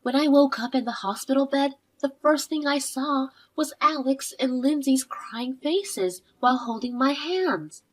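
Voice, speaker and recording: A woman narrating a scripted story in a measured, expressive way. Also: high voice. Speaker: narrator voicing the wife.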